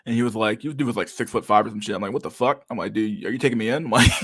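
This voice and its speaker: A man's voice: lowish voice, rapid-fire, few pauses, a bit bright, no room sound, clean studio sound. A man in his thirties hosting a casual live stream, reading viewer comments aloud in a loose, profane way and saying "dude" a lot. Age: 30s.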